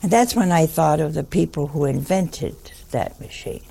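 A woman's voice: low-pitched, expressive, normal speed, creaky, mellow, slightly rough. An older woman, a nun, telling a wry anecdote to an audience. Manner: wry, anecdotal, with dry asides. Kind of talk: storytelling talk to an audience.

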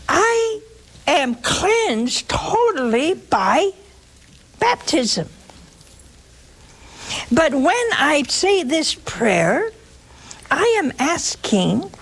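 Woman, sermon, folksy and humorous, higher voice, very lively pitch. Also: poor audio. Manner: folksy and humorous, acts out the scripture stories. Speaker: preacher.

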